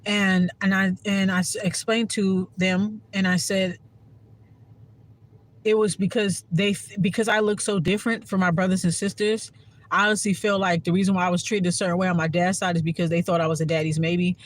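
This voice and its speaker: A woman's voice: lowish voice, steady tone, moderate pace. A woman giving a heartfelt, profane casual monologue to her viewers as a spiritual content creator.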